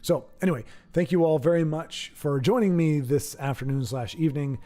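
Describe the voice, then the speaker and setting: A man's voice: a little high, a little fast, warm tone, soft background music. A man giving casual, self-deprecating live-stream commentary on a card game match. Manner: rambling, self-deprecating, joking. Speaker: streamer and caster.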